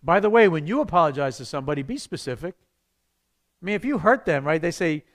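Male pastor, slightly higher voice, chatty and animated, teaching a class and acting out quotes. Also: quick pace. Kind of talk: teaching a church evangelism class.

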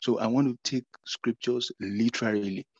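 Halting man on a muffled call. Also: mid-range voice, steady tone, breathy edge, dry recording. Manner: halting, repeats words, earnest. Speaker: participant. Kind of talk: casual faith sharing. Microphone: video call.

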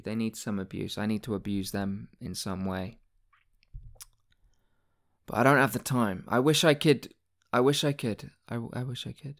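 Angry swearing man ranting. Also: mid-range voice. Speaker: podcast host. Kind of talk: ranting monologue.

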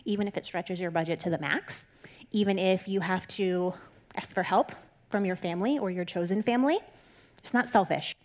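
A woman's voice: lowish voice, moderate pace. A woman giving a casual Bible teaching in a candid, conversational way. She reassures and encourages her listeners and often says "like". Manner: conversational and candid, with frequent "like" fillers.

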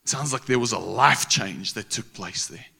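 A man's voice: fairly low pitch, moderate pace, creaky, bright, forceful tone, breathy edge, in a large hall. A man preaching a sermon in a casual, slangy way, with frequent restarts.

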